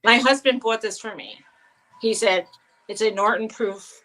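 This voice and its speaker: A woman's voice: fairly high pitch, unhurried, a crowd in the background, rough recording. Chatty woman co-hosting a live chat. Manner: chatty storyteller, quotes people in her stories. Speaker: co-host. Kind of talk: casual live-stream chat.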